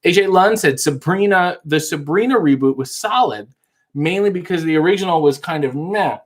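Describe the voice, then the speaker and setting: Wry man with a higher voice. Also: moderate pace. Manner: wry, deadpan, mock-insulting jokes. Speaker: host reading live chat questions. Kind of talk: casual live-stream chat.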